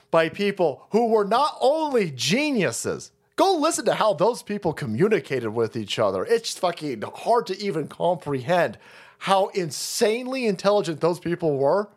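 A man hosting a livestream, ranting in a profane, mocking way and laughing often. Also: high voice. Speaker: livestream host.

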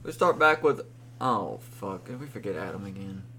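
A man's voice: fairly low pitch, lively intonation, normal speed, pushed and bright, a little hiss or hum. A man hosting an improvised comedy game show, blunt and teasing with lots of swearing.

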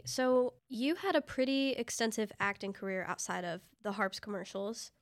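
A woman hosting an interview, upbeat and affirming, asking questions and reacting with quick agreement. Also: medium pitch, dry recording, clean studio sound. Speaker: podcast host.

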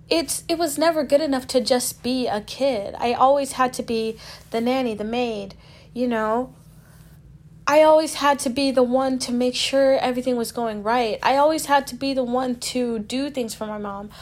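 A young woman telling her own story frankly, swearing often and filling her speech with "like". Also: high-pitched. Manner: frank, profane, lots of "like" fillers. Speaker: guest sharing a personal story. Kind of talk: candid personal storytelling.

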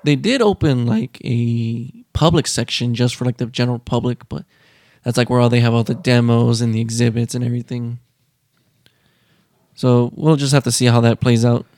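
A man co-hosting a podcast in casual chat, joking and chatty with drawn-out asides. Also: mid-range voice, fairly even intonation, darkish tone, no room sound. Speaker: podcast co-host.

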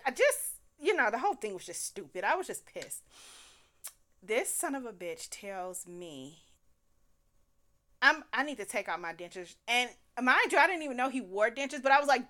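Animated, exasperated woman telling a story. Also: fairly high pitch, normal speed. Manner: profane, exasperated, animated retelling. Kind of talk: casual storytime vlog.

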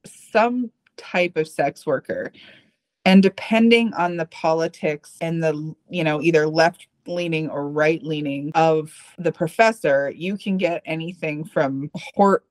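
A podcast co-host with a medium-pitched voice reads a personal essay aloud, then drifts into casual conversation. The talk is candid and profane, full of rambling asides.

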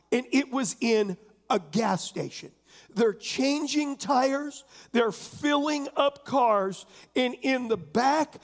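A man pastor preaching a conversational sermon, often asking the congregation questions. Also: very high-pitched. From San Diego area.

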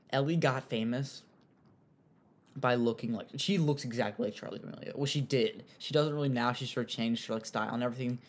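A young man giving casual, rambling commentary on an online feud, with frequent fillers and animated asides. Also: medium pitch. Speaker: commentary host.

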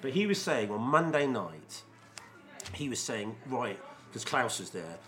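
A man in his fifties spins casual stories as a podcast co-host, speaking in an ordinary mid-range voice. He is a lively storyteller who swears freely, recorded while sitting in a pub. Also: mid-range voice, unhurried. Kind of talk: casual anecdote telling.

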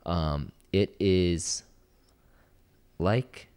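A young man with a very low voice tells a story on a casual podcast. He talks in an animated way, acting out the other people's lines as he goes. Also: very slow, smooth. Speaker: podcast co-host.

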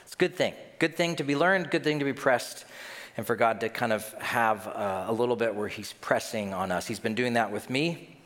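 A man preaching a sermon as pastor, telling stories in an animated way and acting out quoted voices. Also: medium pitch, moderate pace, long reverb tail.

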